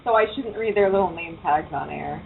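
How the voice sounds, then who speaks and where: A woman's voice: lowish voice, a little fast, creaky. A woman hosting a casual internet radio show. She talks loosely and swears often. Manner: loose, profane, chatty. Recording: tinny phone-like line with faint hiss.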